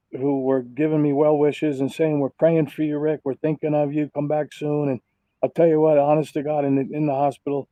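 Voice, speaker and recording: A man's voice: fairly high pitch, no echo, phone-quality sound. A man, a sim racing driver recovering from illness, giving heartfelt, rambling thank-yous over voice chat.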